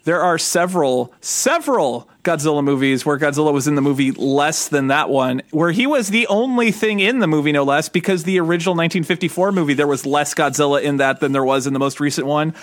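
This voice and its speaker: A man in his thirties co-hosting a casual podcast chat, lively and acting out quoted voices as he tells stories. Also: a little high, brisk, hardly any pauses, no room sound. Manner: animated, acts out quoted voices. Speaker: podcast co-host.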